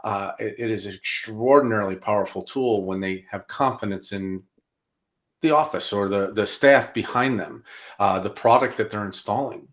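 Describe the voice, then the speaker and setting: A man hosting a business podcast, talking casually, often restarting and stumbling before his point lands. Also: on the low side. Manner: halting, with repeated restarts and fillers. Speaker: podcast host.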